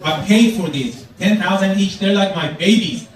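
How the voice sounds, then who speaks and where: Sixty-something comedian in an echoey club. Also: male voice, high voice, normal speed. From Iran. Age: 60s. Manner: animated, acts out voices in jokes. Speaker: stand-up comedian. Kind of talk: stand-up comedy set. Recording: roomy club sound from a distance, audience laughter.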